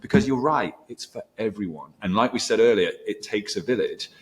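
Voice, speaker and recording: A middle-aged male teacher chats as interviewer at a conference. His voice is very low and quick as he tells animated stories. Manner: animated storytelling with quoted dialogue.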